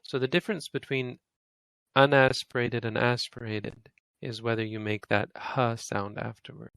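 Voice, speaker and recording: A man's voice: medium pitch, fairly even intonation, normal speed, vocal fry, fairly bright tone, clean tone, no echo. A man teaching a language lesson, patiently explaining and demonstrating sounds over and over.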